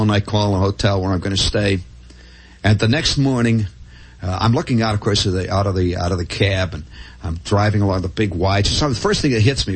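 A man's voice: medium pitch, husky. A man telling a long, rambling first-person story in a wry, conversational way, with many restarts and asides.

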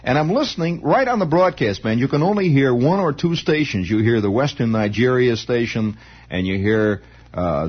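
A man's voice: medium pitch, breathy edge. A man telling a long, wry, meandering story in a monologue. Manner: wry, meandering, animated, rising excitement as story builds. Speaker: radio monologist. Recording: dull lo-fi old broadcast recording.

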